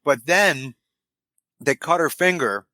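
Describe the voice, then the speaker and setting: Guy on a podcast getting worked up retelling stuff, swears constantly, bright sharp voice. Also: fairly high pitch, slow, no room sound. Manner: animated, profane retelling. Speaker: podcast co-host. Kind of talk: casual chat.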